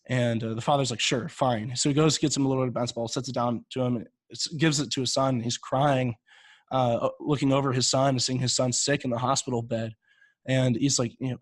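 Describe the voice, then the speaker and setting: A man's voice: medium pitch, steady tone, no room sound. Young guy on a podcast dragging out a joke, lots of restarts, dry close mic. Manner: rambling joke storyteller, halting restarts. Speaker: podcast co-host. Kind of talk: casual podcast storytelling.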